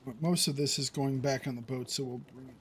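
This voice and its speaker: A man's voice: medium pitch, fairly even intonation, a little fast, fairly bright tone, a little hiss or hum. A man streaming a survival game, chatting casually to his viewers and thinking aloud about his next moves. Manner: thinking aloud, talking to chat. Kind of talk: casual gameplay commentary.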